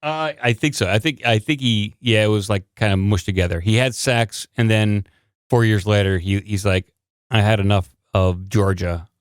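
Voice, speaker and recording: A man's voice: lowish voice, normal speed, smooth, no echo, clean studio sound. A male podcast host in casual, loose chat, joking and rambling with his co-host. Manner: loose, joking, full of fillers and restarts.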